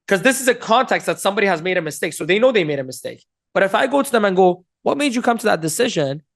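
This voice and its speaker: A man's voice: sits high, a bit bright. A man teaching sales communication, directly addressing viewers and acting out example questions to show tone. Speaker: sales trainer. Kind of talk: teaching to camera.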